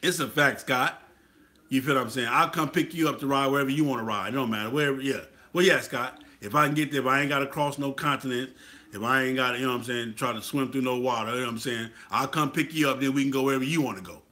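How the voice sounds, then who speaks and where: A medium-pitched man speaks quickly, his tone bright and forceful. The Atlanta-based motorcycle club talk host motivates casually yet preachily, going over the same ground and checking in with "you feel what I'm saying?"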